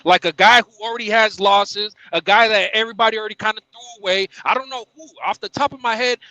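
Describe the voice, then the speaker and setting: A man with a very sharp, bright voice that sits high for a man stumbles over repeated words while talking animatedly on the panel. The sound is dry and close. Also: fairly even intonation, quick pace, dry recording, highs cut off. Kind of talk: casual panel talk.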